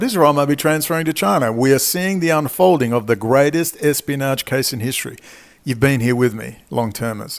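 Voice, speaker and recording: A man, from Australia, delivering an angry, profane, rambling monologue as a commentator. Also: mid-range voice. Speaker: independent commentator. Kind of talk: ranting monologue.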